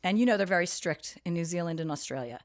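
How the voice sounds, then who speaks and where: A woman's voice: on the low side, fast, no echo. A woman guest on a podcast, telling a long story in casual, swearing chat that keeps building into rants. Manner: profane, animated storyteller, rants with rising volume.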